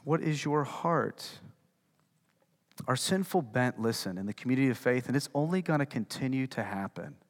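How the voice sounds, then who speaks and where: A man's voice: medium pitch, lively intonation, normal speed, long reverb tail. A male pastor preaching a sermon in a conversational way, putting questions to the congregation and repeating words. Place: church hall.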